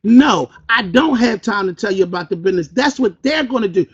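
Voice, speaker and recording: A man leading a sales training session, fast and energetic, asking the audience questions and acting out phone calls. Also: extremely high pitch, breathy edge. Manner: fast, call-and-response, acts out phone calls. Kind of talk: energetic motivational training talk. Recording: dull lo-fi recording.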